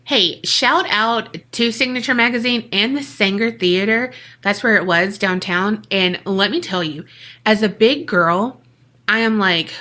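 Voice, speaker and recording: A bubbly woman co-hosts a casual podcast. Her voice sits fairly high, and she laughs easily while she talks straight to listeners. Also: measured pace, bright, forceful tone. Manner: bubbly, laughs often, chatty asides to listeners. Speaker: podcast co-host. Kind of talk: casual chat.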